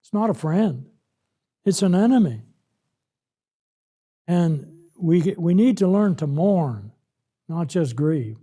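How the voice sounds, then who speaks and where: A man's voice: on the high side, animated, slow pace, long pauses, mellow. A man preaching a Bible lesson, acting out the scripture in the first person as he explains it. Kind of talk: sermon-style Bible lesson.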